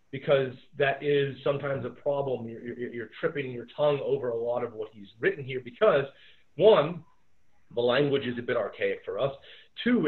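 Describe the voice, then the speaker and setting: Casual male teacher on a tinny line. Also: medium pitch. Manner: relaxed, rambling, many fillers. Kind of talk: remote lesson over video call. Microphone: video call. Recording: tinny phone-like audio.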